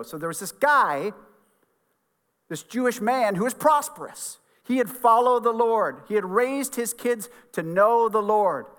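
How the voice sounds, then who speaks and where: A middle-aged pastor preaching to his congregation in a conversational, earnest way. His voice sits a little high for a man, and a long hall reverb trails every phrase. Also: a bit bright. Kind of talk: sermon. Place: church sanctuary.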